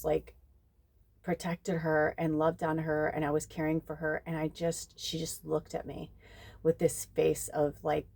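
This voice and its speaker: A woman's voice: low-pitched, gravelly. A young woman, a psychic medium, telling a personal story to her viewers in casual talk, emotional and near tears, swearing freely. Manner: emotional storytelling, swears freely, quotes others in lively voices. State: tearful, near crying. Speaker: psychic medium giving a tarot reading. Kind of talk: casual spoken reading to viewers.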